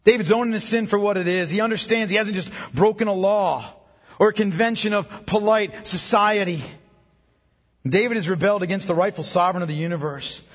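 Husky pastor guy preaching hard, voice sits way up high, echoing big hall. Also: a little fast. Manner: impassioned, emphatic preaching. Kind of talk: sermon. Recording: long reverb of a large hall.

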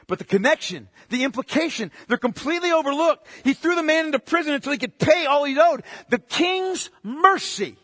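A man preaching a sermon with passion, firing rhetorical questions and swinging between loud outbursts and hushed asides. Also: extremely high pitch, animated, a little fast, few pauses, dry recording, clean studio sound, long reverb tail. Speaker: pastor.

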